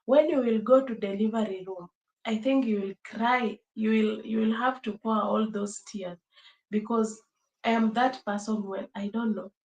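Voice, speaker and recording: A woman's voice: a little high, fairly even intonation, normal speed, a little mellow, highs cut off. A young woman, chatting casually on a livestream, emotional and repeating herself, laughing often. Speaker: livestream host. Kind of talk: casual livestream chat with viewers. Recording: echoey room.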